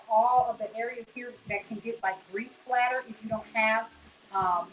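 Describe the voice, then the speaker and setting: A woman's voice: on the high side, fairly bright tone, low-quality recording. Chatty folksy woman cooking at home. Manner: chatty and folksy, addresses viewers as y'all and honey. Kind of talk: casual cooking demonstration. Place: home kitchen.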